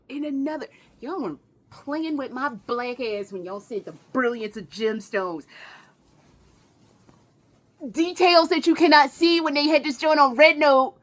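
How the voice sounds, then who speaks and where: A young woman vlogging an unboxing in a casual, excitable way, swearing freely and gushing over what she finds. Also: high voice, measured pace, long pauses. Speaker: fashion vlogger. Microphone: camera with ring light.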